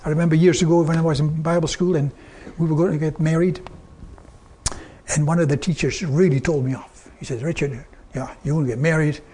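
An older man preaching a sermon, telling personal stories earnestly and quoting others in a softer, lower tone. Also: fairly even intonation, brisk, breathy edge. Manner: earnest storytelling, quoting God and people in softer lower tones.

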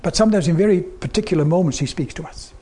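An older man preaching a sermon, telling personal stories earnestly and quoting others in a softer, lower tone. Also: fast talker, slightly rough. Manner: earnest storytelling, quoting God and people in softer lower tones.

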